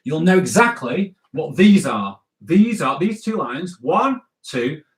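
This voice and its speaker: A man, slightly high-voiced and very animated in his pitch, leads a live drawing lesson for kids in a jokey, chatty manner. His voice bounces around an echoey room. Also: slow pace. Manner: playful, chatty, jokey teacher talk with frequent "right?" and "okay?". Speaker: comics artist teaching drawing.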